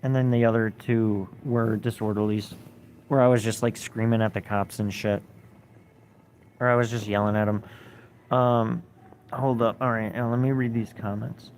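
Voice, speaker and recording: Guy on a livestream, swears a ton, mellow voice, faint hum behind him. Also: on the low side, little pitch movement, normal speed. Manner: blunt, heavy swearing, rambling. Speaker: livestreamer reading chat comments. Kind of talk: casual storytelling.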